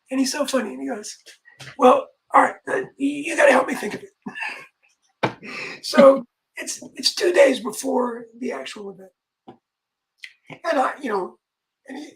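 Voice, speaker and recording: A man's voice: extremely high pitch, creaky, a little hiss or hum, low-quality recording. A man, a music manager, telling a long casual anecdote in a rambling way, full of restarts and quoted dialogue.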